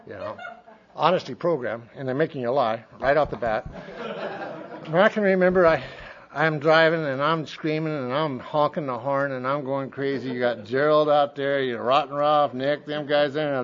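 A man's voice: fairly high pitch, expressive, moderate pace. A man telling a long rambling story from his own life to a group, in a folksy way, acting out other people's voices and laughing as he goes. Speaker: speaker sharing his recovery story. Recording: dull lo-fi recording.

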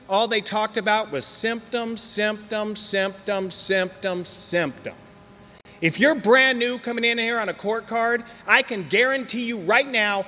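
A man's voice: extremely high pitch, pushed and bright. An older man giving a blunt, emphatic personal testimony at a recovery meeting, repeating words for effect. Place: meeting hall. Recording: long reverb of a meeting hall.

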